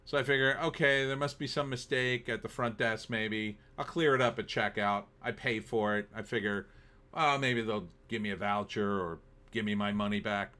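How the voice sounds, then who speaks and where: A man's voice: on the low side, normal speed, bright, forceful tone, clear, resonant tone. A man telling a story in a casual rant, sarcastic and exasperated, acting out both sides of the dialogue.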